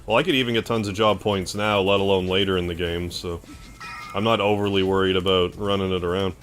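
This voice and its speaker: Canadian male streamer, low-pitched, casual chatter, bursts of excitement, faint music underneath. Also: fairly quick. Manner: excitable outbursts, laid-back thanks. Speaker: game streamer. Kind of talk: casual gameplay commentary, thanking chat.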